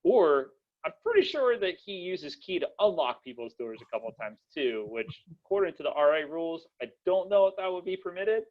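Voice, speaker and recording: A man's voice: high voice, big pitch swings, a little fast. Young man rambling on a lo-fi podcast. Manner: rambling, many fillers and restarts, laughs often. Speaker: podcast host. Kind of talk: casual chat.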